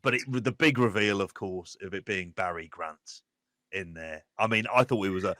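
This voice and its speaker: A man from London with a Cockney accent, co-hosting a podcast in jokey, animated banter. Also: sits low, moderate pace, no room sound. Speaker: podcast co-host. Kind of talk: casual chat.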